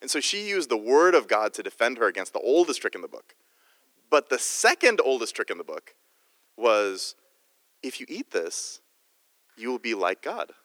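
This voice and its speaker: Man, guest preacher, casual joking sermon, dry close sound, mid pitch. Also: a bit bright, no echo, long reverb tail. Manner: jokey and conversational, with many restarts.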